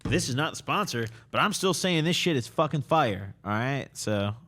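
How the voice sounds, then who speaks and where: A man's voice: medium pitch, expressive, moderate pace, a bit bright. A young man hosting a podcast interview, loose and rambling, tipsy, swearing and laughing often. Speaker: podcast host. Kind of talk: casual drunk interview chat. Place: small cluttered podcast studio corner.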